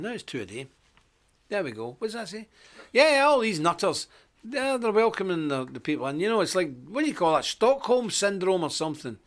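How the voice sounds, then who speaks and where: A middle-aged man hosts a live stream, chatting easily and greeting viewers by name, his pitch jumping up whenever he stresses something. His tone is fairly bright.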